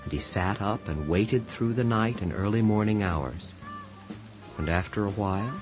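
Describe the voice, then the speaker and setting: A man narrating an audio storybook in an expressive, dramatic manner. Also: fairly low pitch, moderate pace. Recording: dull lo-fi recording with music.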